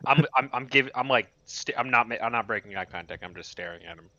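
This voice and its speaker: A man's voice: mid-range voice, fast, pushed and bright, no echo. A man playing in a tabletop game, giving grand, solemn lines in character. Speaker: player. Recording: dull lo-fi mic.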